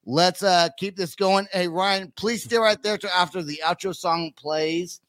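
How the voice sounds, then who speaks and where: A man hosting a podcast, chatting casually with excitable, profane rambling and lots of fillers. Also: high voice, unhurried, no echo. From United States. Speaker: podcast host.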